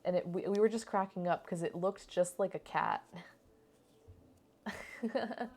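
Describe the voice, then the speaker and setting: A woman's voice: mid-range voice, a little slow, a little mellow. A woman talking over her travel footage in a casual, rambling way, laughing often and swearing now and then. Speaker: cooking channel vlogger.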